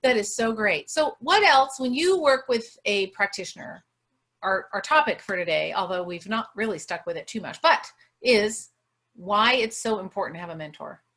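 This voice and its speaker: A woman's voice: mid-range voice, moderate pace, fairly bright tone. A woman hosting a casual interview podcast, enthusiastic and full of affirming interjections. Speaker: podcast host.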